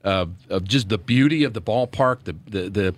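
A man's voice: fairly low pitch, normal speed. A middle-aged man, a former player turned radio broadcaster, talking earnestly in a sports radio pregame chat with many fillers and restarts.

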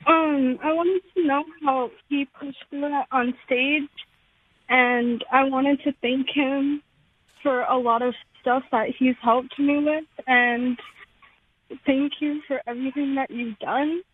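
A nervous woman caller speaks in a high voice over a tinny phone line. She talks slowly, halting and shaky with excitement. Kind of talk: call-in question.

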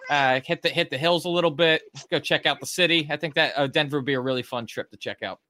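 Laid-back male co-host, bright tense tone, laughs easily. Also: on the high side, quick pace, dry recording. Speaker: podcast co-host. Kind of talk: casual sports chat.

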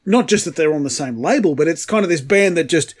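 A man co-hosting a music podcast from his kitchen. His voice sits a little high and he speaks with animated, swearing energy. The talk is loose and casual. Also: slightly rough. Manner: animated, swearing, fast tangents. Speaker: podcast co-host. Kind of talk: casual chat.

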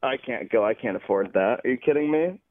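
Chatty confident caller on a tinny phone. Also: male voice, medium pitch, expressive, a little fast. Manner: confident, chatty, laughs easily. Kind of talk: call-in sports chat.

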